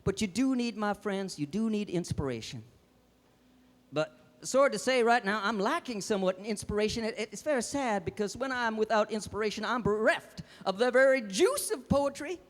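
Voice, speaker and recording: A man's voice: sits high, animated, moderate pace. A man playing a hip male beatnik poet in a fez, delivering jive hipster patter and theatrical verse in a live stand-up character act. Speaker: stage comedian. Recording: live stage with reverb, music and audience.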